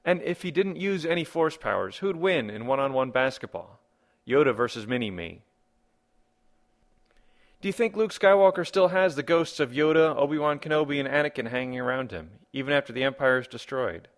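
A man's voice: medium pitch, animated, normal speed. A man hosting a comedy podcast, reading listener comments and rambling through wry rhetorical questions. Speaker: podcast host.

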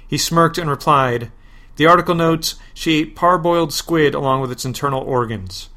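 A man hosting a podcast, reading a parody superhero story in a deadpan way, flatly spelling out web addresses and asides. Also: on the high side, normal speed. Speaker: podcast host.

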